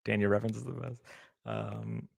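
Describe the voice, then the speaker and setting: A man's voice: on the low side, big pitch swings, normal speed, creaky, a little mellow, a little hiss or hum. A young man co-hosting a casual live stream, hesitant and full of fillers and restarts. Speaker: co-host.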